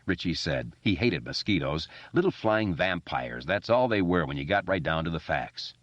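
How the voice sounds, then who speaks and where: Deep-voiced man narrating an audiobook. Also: normal speed, hardly any pauses, dry recording, highs cut off. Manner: expressive reading with character voices. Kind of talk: scripted narration.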